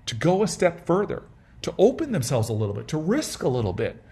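A middle-aged man, a senator appearing as a guest at a casual fireside chat, tells a personal story earnestly and with humor, often restarting and repeating words. His voice is on the high side with wildly swooping pitch, a fairly quick pace and a warm tone.

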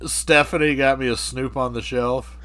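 A man's voice: mid-range voice, fairly even intonation, normal speed, fairly bright tone, dry recording. A man co-hosting a podcast, telling a crude comic story in a profane, rambling way. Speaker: podcast co-host.

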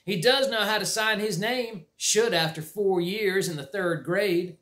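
A man's voice: sits high, a little slow, a bit bright, pitched above the performer's own voice. A man voicing a mean, snickering teenage farm boy with a country drawl. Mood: mocking. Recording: roomy echo.

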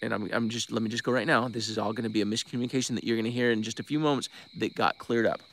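A search-and-recovery diver from Bend, Oregon, speaks at a racing pace in a steady, medium-pitched, slightly bright voice. Hosting a casual outdoor live-stream update at night, he rambles, restarts his sentences, and thanks donors by name.

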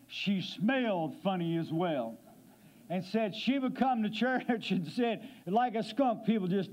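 A male guest preacher delivering a sermon in a church, slowing down to stress scripture and dropping to a low, quiet voice for effect. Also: dull audio. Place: church sanctuary.

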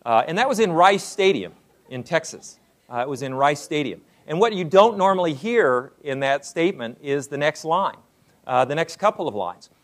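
A man, older, giving a lecture to an audience as a university president, unhurried and full of "uh" fillers. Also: on the high side, expressive.

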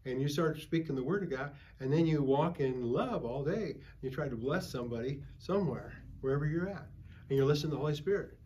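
A man's voice: on the high side, brisk, hardly any pauses, a little mellow, a little hiss or hum. An older man preaching at a Bible study, a folksy pastor who tells stories and calls for amens from the group. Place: church.

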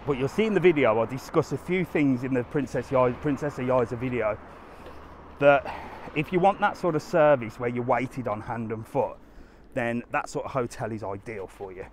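Walking down a sunny resort street, a travel vlogger chats casually with his live-stream viewers and responds to their questions. His voice sits in the mid range at a moderate pace, with a bit of hiss or hum in the recording.

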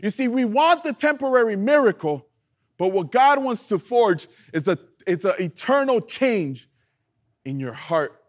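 A man preaching a youth sermon with passion, calling the room to repeat lines back to him and swinging from loud emphasis to hushed lows. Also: sing-song, a little slow. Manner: passionate, call-and-response preaching. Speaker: youth pastor.

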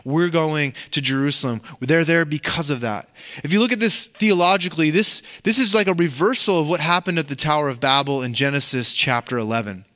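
Animated pastor preaching in church. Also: male voice, fairly high pitch, fairly quick. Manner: conversational, animated preaching with asides. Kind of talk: sermon.

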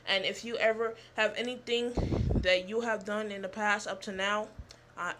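Young woman rambling thru a story on her vlog, animated, swears a lot, bit of faint hiss. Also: medium pitch, moderate pace. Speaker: vlogger.

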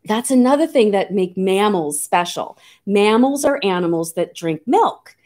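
A woman who teaches nature to children, speaking in an animated, sing-song, coaxing way as she shows live animals. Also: mid-range voice, unhurried. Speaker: nature educator.

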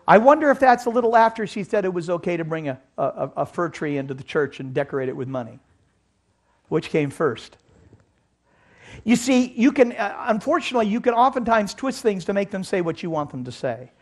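High-voiced preacher man. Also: brisk. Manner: animated preaching, rhetorical questions to the audience. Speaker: Bible teacher. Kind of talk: sermon-style Bible lecture.

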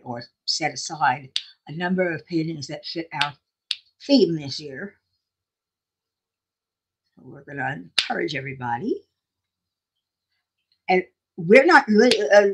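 A woman's voice: on the low side, noisy background. An older woman hosting a casual craft livestream, chatting in a rambling, self-deprecating way and laughing often. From South Florida.

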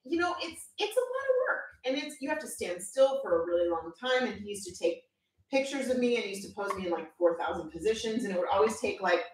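A woman's voice: mid-range voice, quick pace, heavy reverb, distant mic, slight background noise, poor audio. A woman co-hosting a live art stream, reading viewer questions and chatting casually. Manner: chatty, animated, reads questions aloud. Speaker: co-host reading viewer chat.

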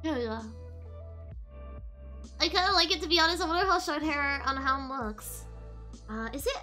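Young woman streamer, high lively bright voice, giggly and bubbly, soft music underneath. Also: moderate pace. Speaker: VTuber streamer. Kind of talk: casual live-stream chat with viewers.

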